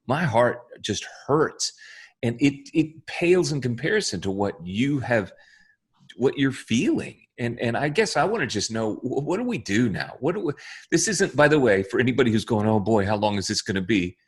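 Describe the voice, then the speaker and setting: A man who is a lead pastor, talking earnestly in a halting, apologetic way and repeating words as he searches for them. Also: medium pitch, big pitch swings, breathy edge. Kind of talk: earnest conversation.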